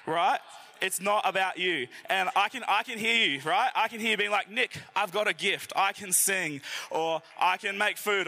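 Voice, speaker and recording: A man's voice: high voice, sharp tone, a little hiss or hum. A young man giving a casual, joking talk at church and speaking straight to the congregation. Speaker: youth and worship team volunteer speaking at church. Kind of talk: sermon.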